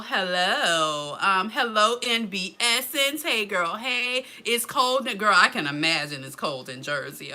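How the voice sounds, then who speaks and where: A woman chatting on a live stream. Her voice is very bright and sharp, and she keeps calling out to viewers, saying "girl" and "y'all" in a friendly, casual way. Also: a little high. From Florida. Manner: chatty, greets commenters by name, says "girl" and "y'all". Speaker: blogger hosting a live stream.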